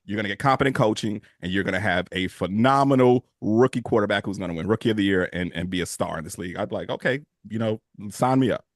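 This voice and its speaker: Animated man in casual sports talk. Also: on the low side, fast talker, hardly any pauses, dry recording, clean studio sound. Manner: animated storytelling, swearing freely, laughs and gets emotional. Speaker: podcast co-host.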